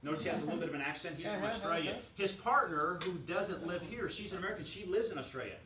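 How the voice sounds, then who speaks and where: Man, workshop presenter, jokey, quizzes the crowd, slightly high voice, echoey room from far off. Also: fast talker. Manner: energetic, jokey, asks the audience questions. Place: chamber of commerce meeting room.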